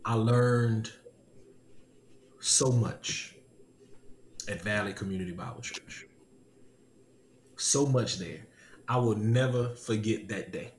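A man's voice: lowish voice, slow, long pauses, slight background noise. A man telling a personal story with animation, laughing often and repeating his lines. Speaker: podcast host. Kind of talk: casual testimony chat. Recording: echoey room with faint ambience.

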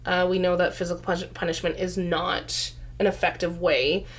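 A woman's voice: fairly low pitch, flat delivery, normal speed. A woman giving parenting advice in a casual chat, conversational with frequent fillers. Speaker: parenting discussion co-host.

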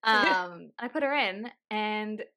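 A woman co-hosting a casual podcast over a video call, expressive and quick to swing between loud and soft. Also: medium pitch. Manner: expressive, quick swings in loudness, laughs easily. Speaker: podcast co-host. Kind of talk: casual chat.

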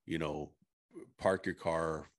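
A man from the Pacific Northwest in casual chat, laid-back and halting, often starting sentences over. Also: extremely low pitch, fairly even intonation, dry recording, studio quality.

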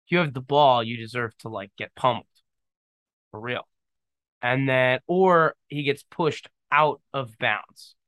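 A man's voice: mid-range voice, a little slow, a bit bright, no echo. A man in his twenties hosting a casual solo podcast, joking and rambling off on tangents into a microphone. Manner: rambling, jokey, goes off on tangents. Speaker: podcast host. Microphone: studio microphone, on camera.

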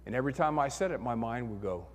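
A man preaching a sermon as pastor, telling a story in an animated way and acting out the voices in his head. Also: mid-range voice, fast, in a large hall.

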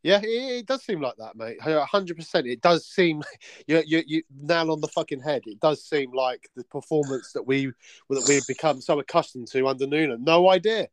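A man's voice: fairly high pitch, lively intonation, normal speed, no room sound. A man hosting a casual football chat, blunt and sweary. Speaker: football podcast host.

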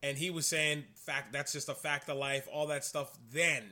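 A man's voice: a little high, level tone, normal speed, pushed and bright. A man co-hosting a wrestling podcast, chatting casually and politely cutting in with asides. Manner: polite interjections, apologizes for cutting in. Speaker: podcast co-host. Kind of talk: casual chat.

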